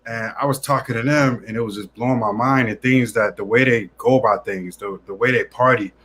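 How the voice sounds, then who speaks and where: Brief: New man, interview guest, chatty storyteller, mid pitch, faint background noise. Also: a little fast. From New York City. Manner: lively anecdotes with slang. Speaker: guest, traveler.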